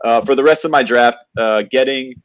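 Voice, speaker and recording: A man's voice: mid-range voice, no room sound. Brief: man, hesitant co-host, dry and lo-fi. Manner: halting, self-deprecating, many uhs. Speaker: podcast co-host. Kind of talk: casual live-stream chat.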